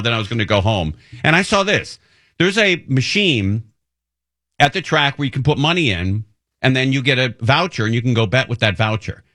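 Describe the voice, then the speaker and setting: A middle-aged man hosting a talk radio show, telling a rambling, self-deprecating story in an animated way. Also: medium pitch, dry recording, clean studio sound. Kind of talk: casual monologue storytelling. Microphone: studio microphone.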